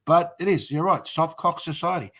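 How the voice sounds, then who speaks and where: An Australian man with a bright, tense voice and a high pitch. He makes crude, sardonic remarks as a football podcast co-host. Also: normal speed.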